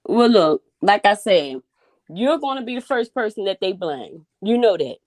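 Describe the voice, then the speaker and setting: A woman from Baltimore calling in, giving calm, reassuring advice. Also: mid-range voice, normal speed, dry recording, clean studio sound. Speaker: caller. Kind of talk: call-in advice.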